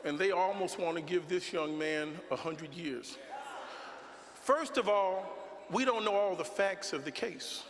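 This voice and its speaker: A man speaking from a pulpit-style stage in a preaching rhythm that climbs into shouted lines. His voice sits very high and sounds bright and forceful. Long reverb from the hall trails each phrase. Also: unhurried. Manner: preaching cadence, building to shouts. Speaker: speaker at a Saturday forum. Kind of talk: impassioned political speech. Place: large hall with a choir.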